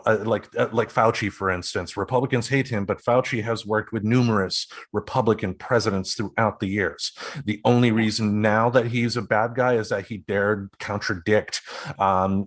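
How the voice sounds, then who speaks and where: A man's voice: lowish voice, no room sound. A man co-hosting a podcast, talking in a rambling casual way with many ums and restarts. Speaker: podcast co-host. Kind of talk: casual chat.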